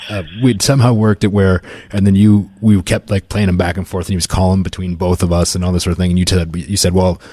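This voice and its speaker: A man's voice: deep voice, steady tone, fast, hardly any pauses, dark tone, no echo. A man from Canada co-hosting a podcast, telling rambling anecdotes with self-mocking jokes. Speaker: podcast co-host. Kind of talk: casual chat, storytelling.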